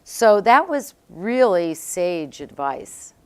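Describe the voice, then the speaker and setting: A middle-aged woman, a company co-founder, telling her business story in an animated, conversational interview. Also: lowish voice, slow pace, smooth. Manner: animated storyteller, acts out quotes.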